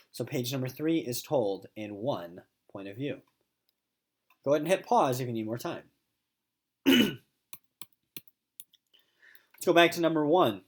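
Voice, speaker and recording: A male teacher giving a recorded lesson to middle schoolers, explaining point of view and reading story passages aloud. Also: mid-range voice. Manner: animated, reads story passages aloud with voices.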